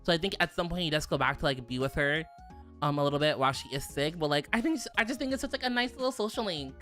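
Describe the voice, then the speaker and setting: A young adult woman chatting casually on a stream, animated, profane and quick to laugh. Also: sits low, faint music behind. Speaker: virtual streamer.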